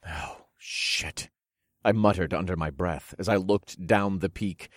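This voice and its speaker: A man narrating a first-person fantasy story in a steady, low-key manner. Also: normal speed, dry recording, studio quality.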